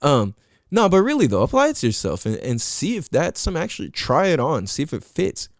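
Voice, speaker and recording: A young man with a voice on the high side briskly tells a personal story as host of his podcast, animated and casual. Street slang, swearing and fillers like "like" and "you know" run throughout, in studio-quality audio with no room sound.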